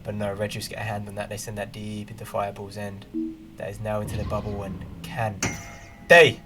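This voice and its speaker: A man casting an esports match play-by-play, close to the mic, chatting to viewers and jumping into loud bursts on big plays. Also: on the low side, little pitch movement, fairly quick, faint music behind. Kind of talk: play-by-play commentary.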